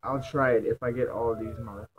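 A man's voice: medium pitch, fairly even intonation, fast, phone-quality sound, over music. A young man casually commenting while playing a video game, cursing freely, mocking himself and snapping at enemies in frustration. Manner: profane, self-mocking, easily frustrated. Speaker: let's play gamer.

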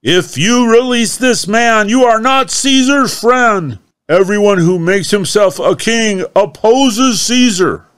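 A man voicing an angry crowd of accusers, shouting high and strained in a dry, close recording. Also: animated, slow pace, few pauses, clear, resonant tone, full character voice. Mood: furious.

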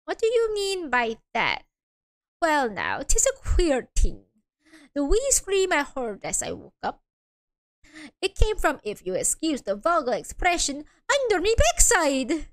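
A woman's voice: sits high, wildly swooping pitch, full character voice. A woman putting on a folksy sounding coachman. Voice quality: broad folksy brogue, drawn-out words. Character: middle-aged male Scottish-sounding coachman witness, folksy.

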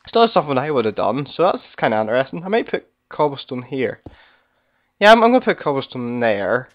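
A slightly hoarse man rambles through a casual game commentary at a quick clip, his pitch bouncing up and down as he chats to his viewers. The recording is muffled and lo-fi. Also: big pitch swings. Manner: rambling, chatty, talks to viewers and fellow players. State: slightly hoarse from being sick. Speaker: gaming video host.

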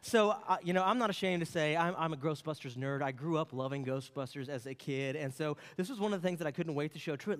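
A man in his late thirties preaching a sermon, telling a family story with an animated, storytelling manner. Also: fairly high pitch, fast talker, hardly any pauses. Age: late 30s. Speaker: pastor. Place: church sanctuary. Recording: long reverb of a church hall.

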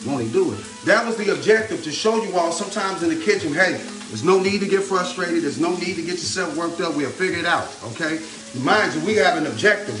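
A man's voice: fairly high pitch, distant mic. A man hosting his own cooking video, chatting through each step in an upbeat way and repeating a favorite catchphrase as he works at the stove. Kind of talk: casual cooking demonstration. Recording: roomy kitchen echo, mic set back, music underneath. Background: music and frying sizzle.

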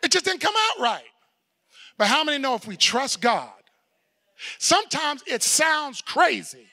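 A middle-aged man preaching a sermon as pastor, telling a story, acting out the people in it and shouting for emphasis. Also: very high voice, sing-song, a little slow, gravelly.

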